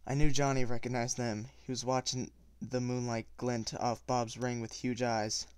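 A man reading a novel aloud at a steady pace, with small slips and self-corrections. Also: mid-range voice, normal speed, smooth, no room sound. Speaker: audiobook reader.

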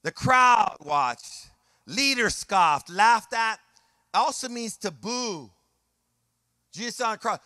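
Male pastor, sermon delivery, very high bright voice, dry close sound, acts out other people's lines. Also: slow, dry recording. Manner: animated preaching, swinging from quiet asides to shouted passages; acts out voices of people and scenes in his preaching.

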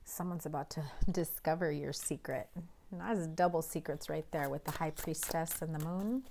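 A woman with a hoarse, low-pitched voice gives a chatty tarot reading to camera and often sinks into a breathy half-whisper. She keeps clearing her throat while she talks. A faint hiss sits under the recording. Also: moderate pace, mellow. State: hoarse, recovering from illness. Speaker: tarot reader.

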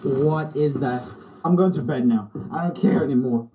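A man's voice: mid-range voice, moderate pace, warm tone, poor audio. A young man streaming casually, joking and reacting to his chat in a self-mocking way.

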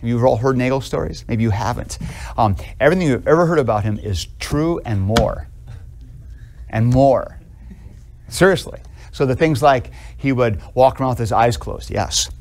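Middle-aged male professor, classroom lecture, chatty and lively, lots of ums. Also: mid-range voice, moderate pace, slight background noise. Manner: casual, animated storytelling with many fillers. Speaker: seminary professor.

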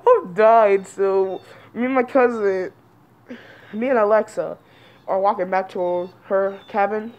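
A woman's voice: mid-range voice, steady tone, unhurried, a little mellow. A woman telling a rambling storytime to her viewers, repeating and restarting her lines. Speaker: vlogger. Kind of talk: casual storytime.

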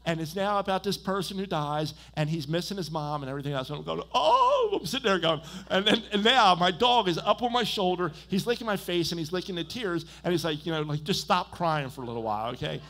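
A man preaches a sermon in a church in a slightly high voice. He keeps it conversational and checks in with the congregation as he goes. His personal stories come out louder and more animated. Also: fast, hardly any pauses. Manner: conversational, checks in with "right?" and "okay?". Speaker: pastor. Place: church sanctuary.

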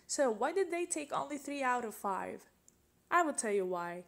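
A woman's voice: high-pitched, very animated, normal speed, a bit bright. A woman teaching an English grammar lesson, patiently asking questions and repeating example sentences.

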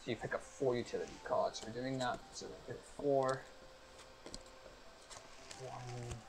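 A man acting as game master on a live stream, explaining each rule of a tabletop game step by step in a brisk, upbeat way. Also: mid-range voice, background noise.

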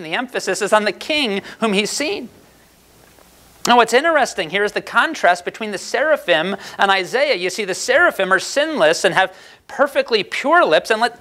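A man's voice: sits high, bright, forceful tone. Earnest preaching man. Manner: earnest, emphatic preaching with rhetorical questions. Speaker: pastor. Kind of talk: sermon.

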